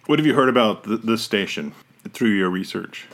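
A man's voice: fairly low pitch, animated, moderate pace, a bit bright. A man hosting a podcast in casual chat, rambling and often correcting himself mid-sentence. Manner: rambling, self-correcting, trails off. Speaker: podcast host.

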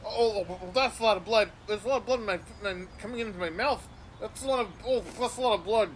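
A man's voice: high-pitched, fast, a little hiss or hum, natural voice. A man voicing a goofy male field correspondent reporting from an outdoor park. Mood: agonized. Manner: overexcited, yelping in pain.

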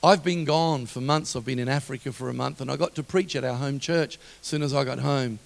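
A middle-aged man preaching a sermon, telling stories with passion and rising to loud exhortation. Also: mid-range voice, a little fast, vocal fry. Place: church hall. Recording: long reverb of a large hall.

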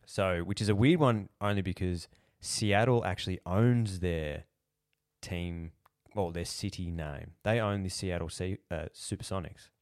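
Deep-voiced, blunt Australian co-host. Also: male voice, a little slow, dry recording, studio quality. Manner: laid-back and blunt, swears casually. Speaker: podcast co-host. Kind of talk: casual chat.

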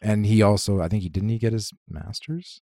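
A man's voice: on the low side, brisk, creaky, dark tone, dry recording, clean studio sound. A man, co-hosting a casual podcast chat in a laid-back, blunt way with casual swearing. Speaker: podcast co-host.

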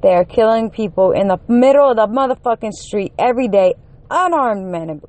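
A woman in the middle of a furious vlog rant, cursing in almost every line and pushing her voice up into shouts at the worst of it. She is running on one hour of sleep, so a worn, tired edge sits under the anger. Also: fairly high pitch, expressive, moderate pace. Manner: heated, swearing constantly, rising to shouts. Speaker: vlogger. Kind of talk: angry profane rant to camera.

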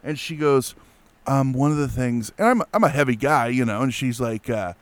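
Man, mid pitch, smooth clear voice, dry close sound; animated casual storyteller. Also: moderate pace, no echo. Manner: animated, lots of fillers and restarts. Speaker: guest telling a ghost story.

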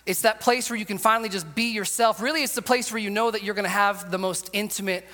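A man preaching a sermon, telling a funny personal story in an animated way, acting out quotes and laughing often. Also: high-pitched, brisk. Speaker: pastor. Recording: long hall reverb.

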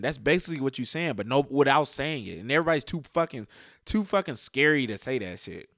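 Man, heated sports rant, swears constantly, emphatic, dry close sound, average pitch. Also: expressive, fast, fairly bright tone, dry recording. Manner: profane, exasperated, emphatic. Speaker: sports fan commentator.

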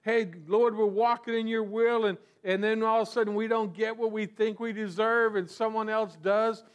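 A man's voice: high-pitched, little pitch movement, moderate pace, clear, resonant tone. A man preaching a sermon in a conversational way, asking rhetorical questions and often repeating words. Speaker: pastor.

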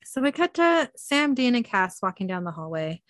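A woman podcast host narrating a TV episode scene by scene, reading in a relaxed way with filler ums and uhs. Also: a little high, moderate pace, no room sound, clean studio sound. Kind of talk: reading a scene-by-scene recap with chat.

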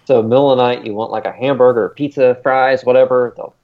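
A man's voice: mid-range voice, fairly even intonation, fast talker. A man co-hosting a podcast in casual chat, rambling with plenty of ums and uhs. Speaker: podcast co-host. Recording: dull lo-fi recording.

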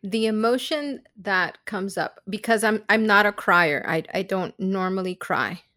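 A woman's voice: medium pitch, unhurried, sharp tone, dry recording, studio quality. A woman guest in a casual podcast conversation, speaking reflectively and searching for her words.

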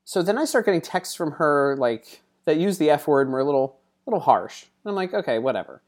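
A man's voice: on the high side, very animated, brisk, a little mellow. A man telling a personal story in a casual, chatty way, full of side remarks and fillers. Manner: chatty, digressive asides and frequent fillers.

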